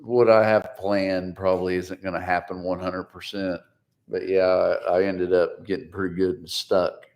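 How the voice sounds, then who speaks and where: A man's voice: low-pitched, level tone, normal speed, darkish tone, dull audio. A man, chatting in a laid-back, dry way on a live stream. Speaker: co-host of a live chat stream. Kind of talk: casual live-stream chat.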